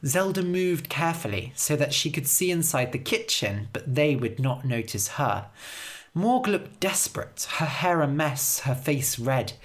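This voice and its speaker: A woman narrating a story for English learners as a scripted read-aloud, with an expressive, lively delivery. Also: low-pitched, measured pace.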